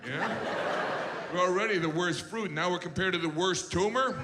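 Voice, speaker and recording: A man's voice: high-pitched, normal speed, noisy background, close to an everyday voice. A man voicing a self-pitying male grapefruit that whines and complains. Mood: sulky. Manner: whiny, complaining. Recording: long hall reverb, loud ambience.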